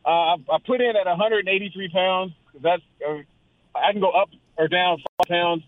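Rambling caller-in guest, man, high voice, tinny dry phone line. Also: steady tone, a little fast, dry recording. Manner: rambling, storytelling. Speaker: guest amateur boxer. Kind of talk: casual chat.

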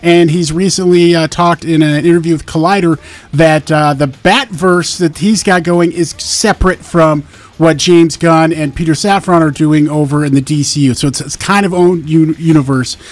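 A man co-hosting a morning radio show, reading promos and news in a relaxed way with many uh fillers. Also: a little high, moderate pace. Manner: relaxed reads with frequent uh fillers. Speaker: radio show co-host running a game segment. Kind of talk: casual radio banter and promo reads.

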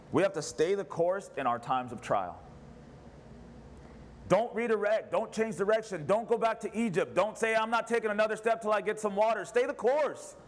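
A pastor preaching a sermon in church, an impassioned man who fires off rhetorical questions. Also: sits high. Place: church service.

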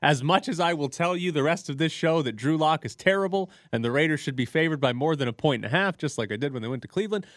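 A man's voice: on the high side, expressive, fast talker, hardly any pauses, no room sound, clean studio sound. Argumentative male sports radio co-host. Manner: teasing, argumentative, firm predictions. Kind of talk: casual sports talk. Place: radio studio. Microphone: studio microphone.

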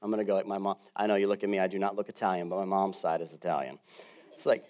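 A male pastor preaching a sermon in a casual, jokey way, swinging from loud bursts to quiet asides. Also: low-pitched, very fast. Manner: animated, swings between loud and soft.

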